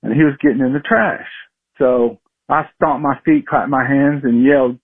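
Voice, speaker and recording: A man from Florida calling in to a radio show and telling a lively story. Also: mid-range voice, normal speed, slightly rough. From Florida, USA. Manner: animated storyteller who acts out yelling. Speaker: caller. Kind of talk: phoned-in storytelling. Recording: phone line.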